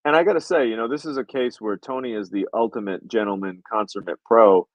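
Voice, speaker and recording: A man's voice: lowish voice, fairly quick, dry recording, muffled recording. A man hosting a podcast, telling a behind-the-scenes story casually, with lots of swearing and acted-out quotes. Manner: animated, profane, acts out quotes. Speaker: podcast host, filmmaker.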